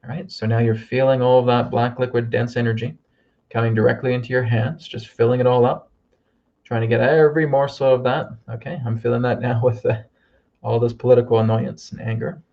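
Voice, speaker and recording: Gravelly man guiding a healing meditation. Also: medium pitch, level tone, phone-quality sound. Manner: slow, soothing instructions with frequent "okay?". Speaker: healer leading a group healing.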